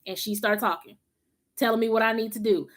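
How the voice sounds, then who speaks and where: La-raised woman w a country drawl, kinda high voice, slangy chill livestream chat, laughs a lot. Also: steady tone, brisk. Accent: Southern US country drawl. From Los Angeles, USA. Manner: chatty and informal, slangy, laughs often. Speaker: host of a spiritual live stream. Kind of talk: casual live-stream chat.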